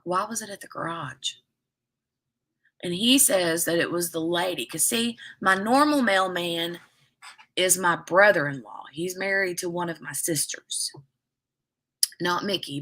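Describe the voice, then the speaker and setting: A woman's voice: mid-range voice, bright, forceful tone. A woman hosting a casual craft livestream, chatting in a rambling, storytelling way and reading viewer comments aloud.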